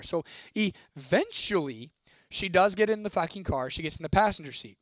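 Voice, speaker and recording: At a normal speed, this young man hosts a spooky storytime, profane and energetic, pausing to read a viewer comment out loud. His pitch runs a touch high for a male voice, and the close, dry recording has no echo.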